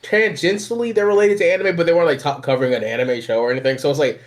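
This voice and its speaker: A man's voice: on the high side, steady tone, very fast. A young man with a Southern American accent, chatting boisterously on a podcast and laughing often. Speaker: podcast host, anime YouTuber. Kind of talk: casual podcast chat.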